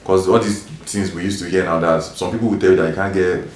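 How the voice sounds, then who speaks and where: Brief: Nigerian man, low voice, rapid and playful, echoey home room. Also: steady tone, slight background noise. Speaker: husband, guest. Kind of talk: casual chat.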